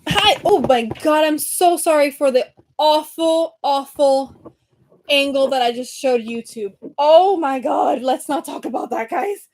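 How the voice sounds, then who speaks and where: A young woman with a high, light voice chats casually on a livestream, bubbly and easily distracted. She talks straight to her viewers and sounds a little out of breath. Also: unhurried, a little mellow. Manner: bubbly, chatty, distracted, reads comments aloud. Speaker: livestream host.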